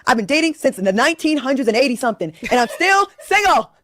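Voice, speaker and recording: A woman in her fifties from Rhode Island rants on a talk show in a rapid, exasperated torrent, her voice sitting a bit high. The sound is close and dry, with no room around it. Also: big pitch swings, fairly bright tone, no echo. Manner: exasperated, ranting, emphatic.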